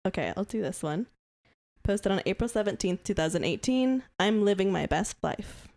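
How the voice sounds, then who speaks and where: A woman's voice: mid-range voice, expressive, moderate pace, gravelly, a little mellow. A woman co-hosting a podcast, reading out captions in casual chat and often breaking into giggles. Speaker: podcast co-host.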